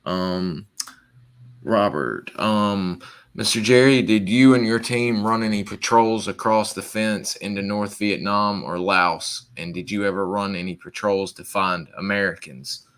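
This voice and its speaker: A man's voice: fairly low pitch, measured pace, a bit bright, clear, resonant tone. A man with a Southern American accent hosting a casual interview, rambling with many fillers and reading out listener questions. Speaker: podcast host.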